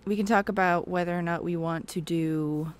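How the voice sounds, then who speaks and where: A woman's voice: on the low side, fairly even intonation, moderate pace, clean tone. A woman hosting a casual game livestream, chatting with viewers, giggling often and telling jokes. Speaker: streamer host.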